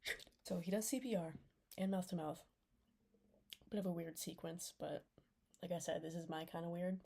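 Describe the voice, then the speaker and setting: A woman's voice: lowish voice, steady tone, normal speed, creaky, warm tone, a little hiss or hum. A young woman recapping a TV series in a casual, rambling way, full of fillers and often dropping into a whisper. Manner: rambling, lots of "like", drops into whispers. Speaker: vlogger reviewing a TV series.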